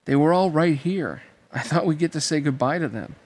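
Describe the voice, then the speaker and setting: A man's voice: a little high, expressive, normal speed, darkish tone, pitched above the performer's own voice. A man reading the lines of an earnest, bewildered teenage boy hero, puzzled and questioning, in an amateur audiobook reading.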